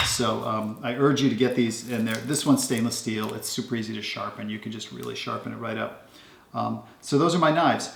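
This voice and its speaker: A man casually showing off his kitchen knives at home, talking in a relaxed, rambling way with lots of ums. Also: medium pitch, gravelly, roomy sound. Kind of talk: casual show-and-tell.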